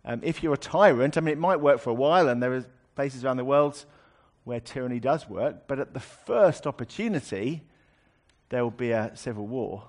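A man's voice: medium pitch, lively intonation, normal speed. A man preaching a sermon, explaining a scripture passage in a conversational way with wry asides.

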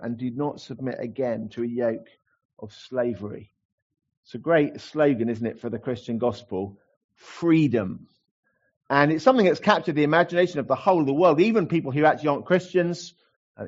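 Chatty pastor, slightly dull recording. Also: male voice, medium pitch, a little mellow. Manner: chatty, self-deprecating, many fillers and restarts. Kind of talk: sermon.

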